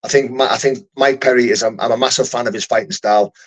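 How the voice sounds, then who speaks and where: A young British man who fights for a living chats casually on a livestream, answering viewer comments in a rambling, profane style full of restarts. His mid-range voice holds a steady tone, and he talks fast.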